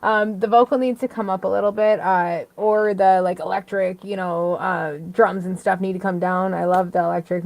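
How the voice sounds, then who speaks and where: A woman's voice: medium pitch, creaky, a little mellow, dry recording. A woman with a Canadian accent giving a casual music review, chatty and giggly, with many fillers. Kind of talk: casual chat.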